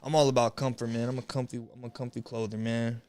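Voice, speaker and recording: A man's voice: mid-range voice, level tone, quick pace, a little mellow. A young man chatting casually on a livestream, rambling and slangy with lots of swearing, greeting viewers as he goes. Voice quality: laid-back, rambling, slangy with frequent swearing. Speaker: streamer.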